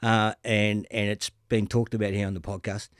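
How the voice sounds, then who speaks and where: A man's voice: fairly low pitch, flat delivery, normal speed, clear, resonant tone, no room sound, clean studio sound. An Australian man hosting a podcast in casual conversation, blunt and joking, swearing freely. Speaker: podcast host.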